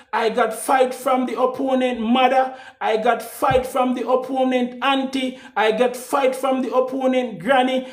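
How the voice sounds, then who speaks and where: High-voiced Jamaican man preaching slowly. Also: echoey room. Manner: preachy and emphatic, repeating himself. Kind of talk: motivational monologue.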